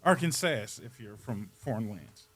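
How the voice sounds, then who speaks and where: Brief: male host doing a playful TV-painter impression, bright tone, swooping delivery, giggly. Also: on the high side, very animated, moderate pace. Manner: playful, laughs often, mock-soothing painter patter. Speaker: podcast host. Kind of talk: comedic Bob Ross impression.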